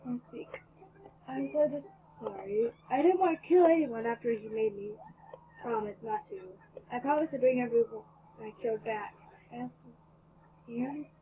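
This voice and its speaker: Woman, reading own fanfic aloud, excitable and dramatic, fairly high voice, dull lo-fi recording. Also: a little slow. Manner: excitable, dramatic swings between loud outbursts and hushed mumbling. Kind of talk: read-aloud story narration. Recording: dull lo-fi recording, faint hiss.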